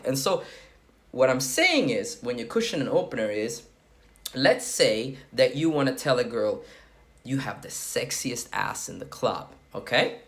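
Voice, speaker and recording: In casual talking-head advice, a sweating dating coach explains how to approach women, crude and blunt, with frequent "okay?" check-ins. He speaks in a mid-range, fairly bright voice.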